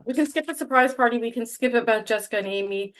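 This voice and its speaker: A woman's voice: a little high, quick pace. Chatty woman podcast co-host. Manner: chatty, lots of "like", laughs easily. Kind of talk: casual book-club chat.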